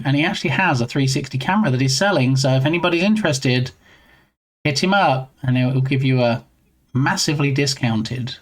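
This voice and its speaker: A man talking over his live stream in a loose, rambling way, often stopping to greet viewers by name. His voice sits at an ordinary middle pitch. He sounds relaxed and chatty. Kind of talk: casual live-stream chat.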